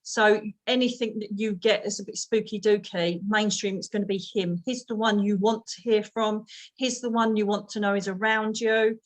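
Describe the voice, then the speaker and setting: A woman's voice: mid-range voice, steady tone, moderate pace. A British woman giving a live reading over a video call, chatty, calling people darling and swearing mildly. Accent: British English. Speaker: psychic medium.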